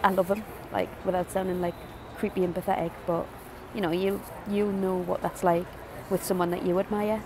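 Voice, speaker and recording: A young woman vlogging to camera, excited and emotional, hesitant and full of fillers. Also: fairly low pitch, fairly quick, hardly any pauses, noisy background. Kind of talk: casual vlog talk to camera. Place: convention arena and outdoors nearby.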